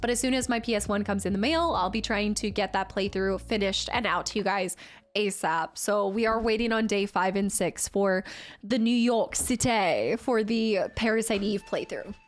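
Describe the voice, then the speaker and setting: A woman's voice: medium pitch, normal speed. A young woman streamer chatting casually with her viewers, reading comments and laughing often. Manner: chatty, laughs often, answers chat by name. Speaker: game streamer.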